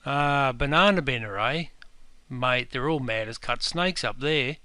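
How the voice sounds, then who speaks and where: A man's voice: mid-range voice, unhurried, bright, forceful tone, clean tone, no room sound. A man voicing a blunt, slangy Australian barman who calls everyone mate, with an Australian accent. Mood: teasing.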